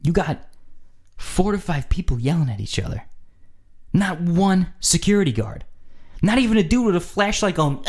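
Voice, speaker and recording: A man telling a story in a casual, animated way, jumping into voices for the people in it. His pitch moves up and down freely, and he breaks into laughter often. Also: moderate pace, long pauses.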